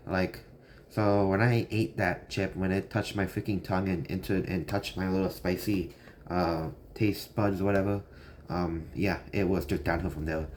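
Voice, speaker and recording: This young vlogger has a very low, slightly mellow voice and rambles loosely through a story, filling it with fillers. It comes across as a casual vlog monologue, with faint noise behind him.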